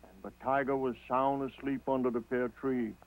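A man telling a folk tale slowly and rhythmically, in a folksy way. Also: medium pitch, steady tone. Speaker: storyteller. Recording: tinny lo-fi old TV audio.

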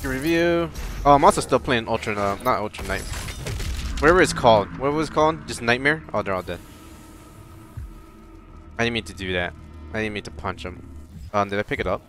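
A man casually commenting on a game he plays, rambling, swearing and bursting out loud. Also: medium pitch, expressive, a little fast, long pauses, soft background music. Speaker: let's play host.

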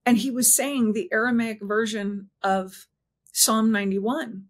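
A woman in an interview, telling a personal story earnestly and haltingly, often restarting her sentences and slowing down at emotional points. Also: fairly high pitch, fairly even intonation. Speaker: interview guest.

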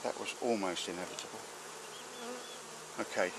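A man, a beekeeper chatting casually as he works a hive outdoors and talks to his bees, breaking into excited exclamations. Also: deep voice, normal speed, gravelly, heavy background noise. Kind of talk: casual narration while working a hive. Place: outdoors at a beehive. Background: buzzing bees.

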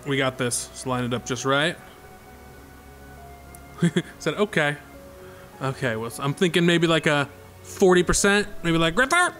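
A man talks through a golf video game in a bright, high voice. He leaps from squeaky yelps to grumbling lows and keeps up a sarcastic, excitable running commentary. Faint music plays underneath. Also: unhurried, pauses often. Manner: excitable, sarcastic, jumps between high yelps and low mutters. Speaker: gaming YouTuber. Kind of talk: gameplay commentary.

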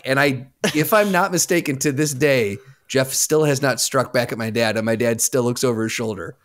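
A man telling a story in casual podcast chat, with a relaxed, conversational delivery. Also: mid-range voice, moderate pace, hardly any pauses.

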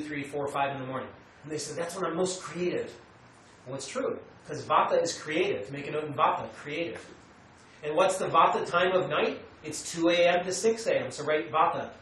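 An American man teaching a class, animated, acting out quotes and telling students what to note down. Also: a little high. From United States. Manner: animated, acts out quotes, tells students to take notes. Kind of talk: classroom lecture. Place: meditation center lecture room. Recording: echoey room, mic far away, light noise.

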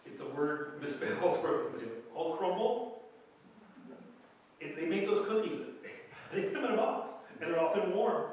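Pastor's casual sermon in echoey church. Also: male voice, a little high, far from the mic, slight background noise. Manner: conversational, storytelling, acts out quoted voices. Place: church sanctuary. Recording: very echoey church hall from afar.

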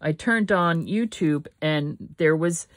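A woman's voice: low voice, slow, dry recording. An older woman hosting a casual craft vlog from her home studio, rambling and correcting herself as she thinks aloud. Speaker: craft channel host.

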